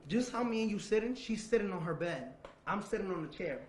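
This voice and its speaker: A man's voice: high-pitched, expressive, brisk, echoey room, a little hiss or hum, poor audio. A man telling a painful personal story as an interview guest, repeating dates and phrases, swearing, and dropping to a near-whisper at the hard parts. He sits indoors across from the interviewer.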